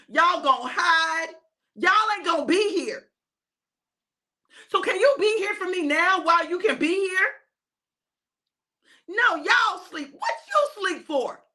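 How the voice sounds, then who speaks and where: A woman voicing Jesus as a frustrated, weary man pleading with sleepy followers. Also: high voice. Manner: exasperated, pleading, rising and shouting.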